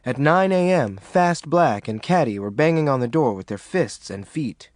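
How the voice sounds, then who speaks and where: A man narrating an audiobook with expressive scripted reading. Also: medium pitch, normal speed, no room sound, clean studio sound.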